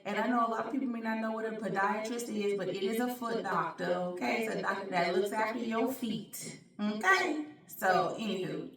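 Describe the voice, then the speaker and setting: A woman hosting her own show, telling a personal story in an animated, colloquial way and speaking straight to her audience. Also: medium pitch. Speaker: show host. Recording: roomy sound, distant from mic.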